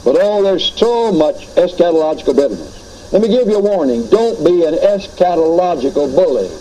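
A man delivers a teaching sermon in an earnest, explaining manner, his voice mellow and a touch higher than most men's. A faint hiss sits under the recording. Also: poor audio. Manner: earnest, teaching with asides and retold anecdotes. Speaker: preacher. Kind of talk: sermon lecture on doctrine.

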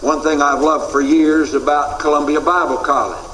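A man's voice: a little high, steady tone, normal speed, fairly bright tone, a little hiss or hum. A man teaching a classroom Bible lecture in an earnest way, repeating his key points for emphasis. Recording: echoey room recording.

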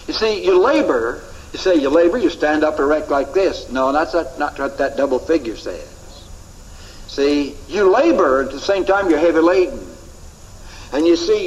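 A man's voice: a little high, animated, moderate pace, lo-fi sound. A man teaching a Bible class, emphatic, repeating key phrases and asking rhetorical questions.

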